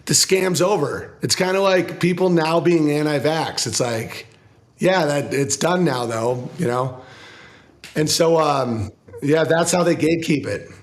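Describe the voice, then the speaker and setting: A comedian talking casually in an interview, rambling, swearing, and acting out other people's voices. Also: male voice. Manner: profane, rambling, acts out quoted people in lower voices. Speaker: comedian guest.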